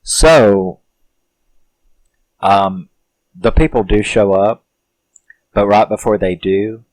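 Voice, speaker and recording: A man who reviews films gives a rambling, casual plot rundown, full of "you know" and frequent laughter. He speaks slowly in a lowish, darkish voice, recorded dry.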